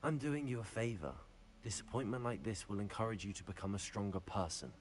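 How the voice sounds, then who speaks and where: A man's voice: fairly low pitch, brisk, lightly acted. An actor playing a condescending young male student in a video game. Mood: smug.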